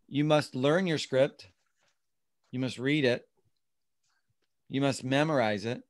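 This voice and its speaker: An instructor teaching an online class over a video call, explaining step by step and acting out sample lines. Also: mid-range voice. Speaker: real estate class instructor.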